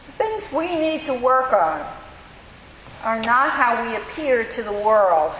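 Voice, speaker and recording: A woman pastor delivering a sermon, measured and reflective, pausing slowly for emphasis. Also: medium pitch. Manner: measured, reflective preaching with slow emphatic pauses. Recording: echoey hall with faint hiss.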